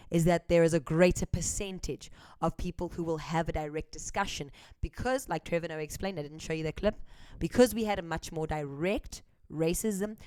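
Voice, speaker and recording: A South African woman vlogger speaks in a smooth, resonant voice on the lower side. She explains ideas in a casual, animated way and often breaks into asides. The sound is close and dry. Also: no echo. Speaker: reaction vlogger.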